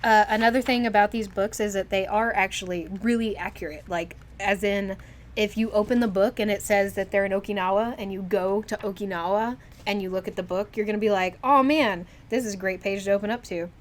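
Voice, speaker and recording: A young woman co-hosting a casual comic book chat, excitable and quick to laugh at herself. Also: mid-range voice. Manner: excitable, laughing, self-deprecating. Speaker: comic podcast co-host. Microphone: camera mic.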